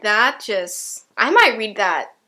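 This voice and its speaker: A woman's voice: mid-range voice, big pitch swings, takes it slowly, pushed and bright. A woman in her twenties chatting casually about books she bought, rambling with lots of "like" and "you know" and the odd swear word. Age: 20s. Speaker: book vlogger. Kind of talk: casual book haul chat.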